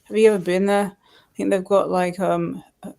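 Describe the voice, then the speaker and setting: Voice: mid-range voice, little pitch movement, normal speed, gravelly, mellow. A guest in a casual livestream chat, speaking hesitantly and searching for words. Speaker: stream guest.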